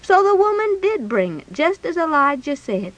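Woman Bible storyteller, high, very lively voice, chatty with rhetorical questions. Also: moderate pace, muffled recording.

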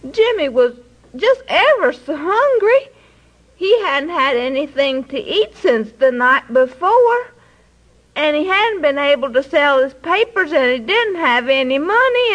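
Woman storyteller, high lively voice, slow homespun telling. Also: poor audio.

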